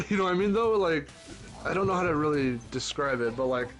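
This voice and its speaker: A man's voice: fairly high pitch, expressive, brisk, a bit bright, faint music behind. A man chatting casually over a game stream, rambling, laughing often and swearing now and then. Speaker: streamer co-host. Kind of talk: casual chat over gameplay.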